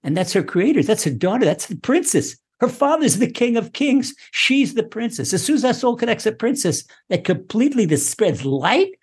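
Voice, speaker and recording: A man teaching a Torah class, animated, often repeating words and acting out the speech he quotes. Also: extremely high pitch, normal speed, few pauses, breathy edge.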